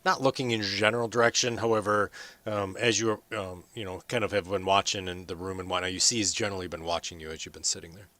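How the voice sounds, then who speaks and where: A man's voice: low-pitched, steady tone, fast, sharp tone, dry recording. A man narrating as game master, talking loosely with lots of fillers.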